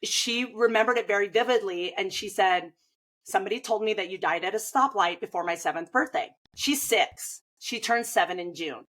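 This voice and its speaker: A woman's voice: medium pitch, normal speed, poor audio. A woman in her thirties, a swim coach, talking casually and animatedly, with lots of "like" fillers. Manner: chatty, frequent "like" fillers, animated retelling. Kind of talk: casual conversation.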